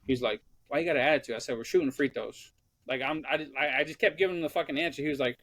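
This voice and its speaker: A young man co-hosts a podcast, speaking rapid-fire at a medium pitch with no room sound. In casual chat he tells profane stories, animatedly acting out what people said.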